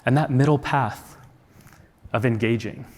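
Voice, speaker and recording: Speaking unhurriedly in a medium-pitched, slightly mellow voice, a man from the United States recounts a personal story at a conference. He is earnest and reflective, posing many rhetorical questions, and the big hall adds a long reverb.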